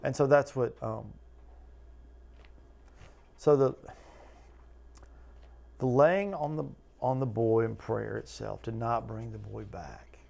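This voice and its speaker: A man with a gravelly edge leads a Bible study in a plain, mid-pitched voice. He teaches in an earnest, conversational way, asking listeners question after question and acting out the people in the scripture. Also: takes it slowly, long pauses, darkish tone. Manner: earnest, talks to listeners with repeated questions, acts out quotes.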